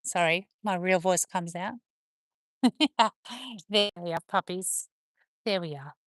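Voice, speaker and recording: A woman chatting with viewers on a livestream while playing with her dogs, slipping into high sing-song praise for them. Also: takes it slowly, no room sound, studio quality. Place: outdoors on a rural property with dogs.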